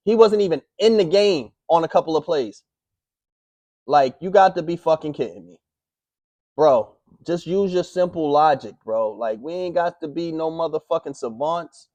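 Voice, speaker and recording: A man ranting through a sports recap in loose slang and a stream of curses. His voice is dark and mellow, and he flares up into sudden outbursts. The sound is dry and close, with no room around it. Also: on the high side, dry recording. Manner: heated, profane, slangy, rapid outbursts. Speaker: sports picks show host. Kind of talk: casual sports recap rant.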